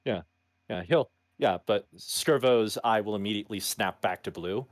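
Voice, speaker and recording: A man describes what his character does in a tabletop game, rambling and restarting his sentences. His voice is fairly low. The sound is dry and close, with no room echo. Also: moderate pace. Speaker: player. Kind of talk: tabletop role-play narration.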